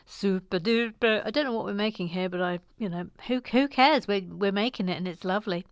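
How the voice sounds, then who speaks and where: A woman from Deeside hosting a Lego building channel, chatting gently and self-deprecatingly as she reads viewer comments, sometimes dropping to a whisper. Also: medium pitch, quick pace, dry recording, clean studio sound. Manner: soft-spoken, gentle, self-deprecating, drops to a whisper at times. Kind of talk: casual chat while building and reading comments.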